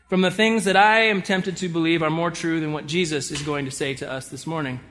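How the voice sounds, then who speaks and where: Bright, high-voiced man preaching a sermon. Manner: storytelling, animated, shifts between loud and soft delivery. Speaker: pastor.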